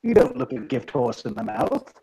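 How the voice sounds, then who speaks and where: A man's voice: mid-range voice, very animated, normal speed, a crowd in the background, low-quality recording. A man playing a tabletop game, casual and playful. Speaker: player.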